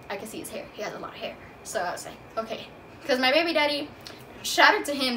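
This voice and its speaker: Speaking with a fairly high, fairly bright voice, a young vlogger casually shares a personal story. She's chatty and loose, dropping many "like" fillers, and the mic is distant with faint room noise.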